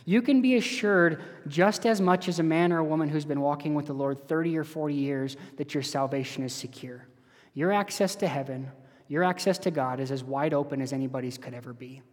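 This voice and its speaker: A man's voice: on the high side, brisk. A man preaching an earnest, conversational sermon as pastor of a church. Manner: earnest, conversational with direct questions to listeners. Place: church hall. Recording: echoey hall.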